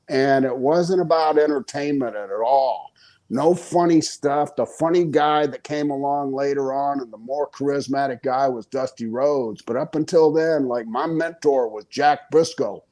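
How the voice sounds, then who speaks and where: An older man who is a guest on an interview podcast, telling stories in a casual, animated way, chuckling often and acting out the quoted voices. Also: fairly high pitch. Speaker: interview guest, retired pro wrestler.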